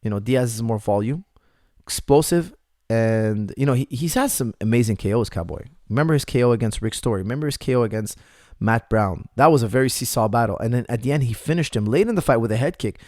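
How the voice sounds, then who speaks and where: A man's voice: mid-range voice, expressive, quick pace, a little mellow, dry recording, clean studio sound. A man, an MMA coach, answering viewer questions in a casual live chat, repeating points for emphasis.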